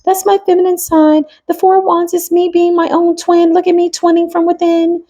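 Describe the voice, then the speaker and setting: A woman voicing her own giddy, childlike inner self in a high, bubbly, sing-song tone. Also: flat delivery, moderate pace, mellow.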